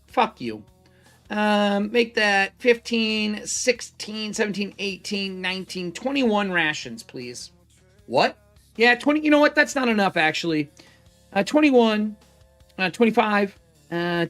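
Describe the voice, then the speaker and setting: A man's voice: high-pitched, fairly bright tone. A man playing a tabletop game solo, narrating casually and thinking aloud as he counts supplies and swears freely.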